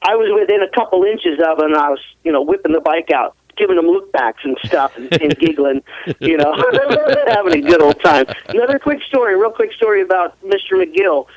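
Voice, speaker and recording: Brief: high-voiced laughing racer, rambling stories, tinny dry phone line. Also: male voice, brisk. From US West Coast. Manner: laughs often, rambling, animated. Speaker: guest, ATV racer. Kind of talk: casual storytelling interview.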